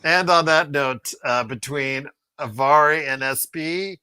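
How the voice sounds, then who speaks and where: A man's voice: a little high, a little slow, pushed and bright, smooth. A man hosting a casual sports podcast, easygoing and laughing as he wraps up the show. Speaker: podcast host.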